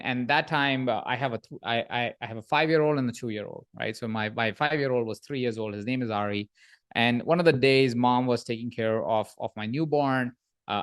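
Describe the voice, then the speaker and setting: A man guesting on a podcast, telling animated stories about coaching and often checking in with a quick "right?". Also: medium pitch. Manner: animated storyteller, frequent "right?" tag questions. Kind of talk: podcast interview conversation.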